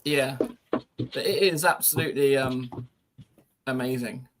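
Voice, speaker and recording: A man's voice: medium pitch, takes it slowly, noisy background. A man co-hosting a podcast, chatting casually and rambling with lots of "you know". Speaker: podcast co-host.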